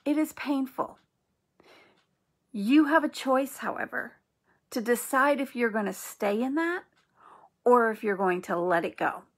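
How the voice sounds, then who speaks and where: A middle-aged woman hosting an inspirational channel, speaking in a gentle, earnest and reassuring way. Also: on the high side, animated, a little slow, creaky, slightly rough. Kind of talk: encouraging spiritual talk.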